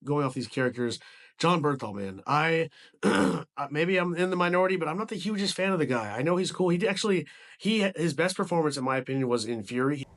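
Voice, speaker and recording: A man's voice: fairly high pitch, expressive, fairly quick, a bit bright. A man giving a casual movie review, rambling with frequent restarts and casual swearing.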